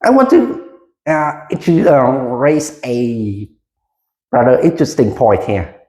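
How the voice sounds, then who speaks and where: Unhurried English teacher, hesitant, sing-song intonation, roomy classroom sound. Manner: slow, deliberate, with frequent hesitations; lively pitch, leading the class in repetition. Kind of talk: classroom micro lesson. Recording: roomy echo.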